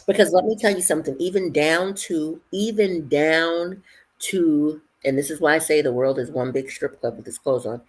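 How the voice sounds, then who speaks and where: A woman in casual chat who tells lively stories, acts out what others said, and laughs often. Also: low-pitched, normal speed, breathy edge. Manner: animated storyteller, acts out quotes, laughs often.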